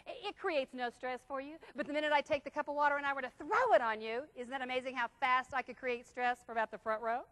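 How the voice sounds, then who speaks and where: A middle-aged woman giving a lively seminar talk on stress to a live audience, asking the room questions and acting out family scenes. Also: sits high. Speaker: stress management speaker.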